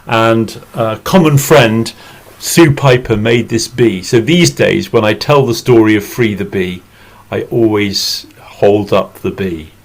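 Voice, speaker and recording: A man from England, telling a story slowly and expressively over a video call. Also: on the low side, poor audio. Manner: slow, deliberate and expressive. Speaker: storyteller and English teacher. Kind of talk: oral storytelling.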